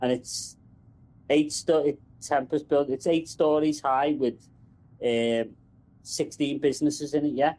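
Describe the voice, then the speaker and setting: A man's voice: a little high, measured pace, rough recording. Sweary Scouse man ranting about work. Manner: sweary, rambling, animated. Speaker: telecom engineer. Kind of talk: casual chat.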